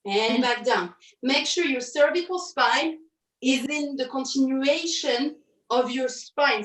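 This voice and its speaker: This high-voiced instructor runs an online pilates session, giving bright cues and counting reps aloud while tossing in quick self-corrections. The audio feels roomy and distant, as though she is a little way from the microphone.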